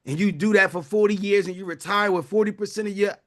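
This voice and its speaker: A man's voice: high-pitched, fairly even intonation, fast. A man hosting a live online wealth class, fervent and preachy, calling out to his viewers. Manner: fervent, preachy, calls out to the audience. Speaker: wealth-building webinar host. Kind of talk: live online sales pitch.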